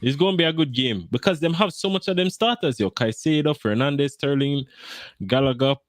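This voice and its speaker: A man arguing about football on a podcast, animated and swearing. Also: fairly high pitch, a little fast, dry recording, studio quality. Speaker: podcast co-host. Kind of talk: heated football banter.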